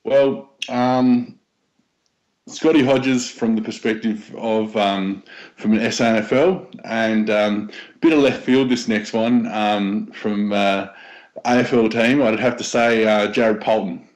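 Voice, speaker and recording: An Australian man, a podcast guest in casual sports chat, speaking enthusiastically but haltingly with many filler pauses. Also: fairly low pitch, fairly even intonation, poor audio.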